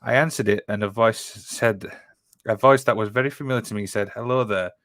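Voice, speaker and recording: This podcast co-host has a fairly low, slightly bright voice and talks fairly quickly with no echo. He reads listener stories aloud on a casual show, exclaiming often, trailing off and starting again.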